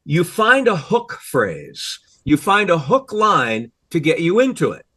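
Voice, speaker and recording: A man's voice: fairly high pitch, very animated, unhurried, sharp tone, breathy edge. A man co-hosting a podcast, chatting casually and telling stories with enthusiasm about working on a comedy show. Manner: enthusiastic, admiring storyteller. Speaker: co-host, former cast member. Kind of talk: casual chat.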